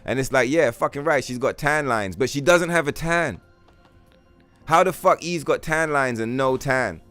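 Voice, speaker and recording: A man streaming a game and chatting casually, rambling and animated, swearing freely and using slang. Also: mid-range voice, normal speed, dry recording, soft background music. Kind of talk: casual livestream chat while gaming.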